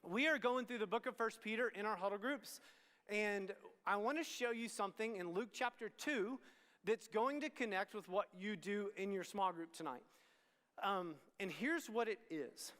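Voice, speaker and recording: A middle-aged man from Texas gives a youth sermon in a candid, conversational way, often restarting his sentences and turning to the crowd. His voice sits high for a man. It rings out with the long reverb of a big worship hall. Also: normal speed, fairly bright tone. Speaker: student ministry pastor.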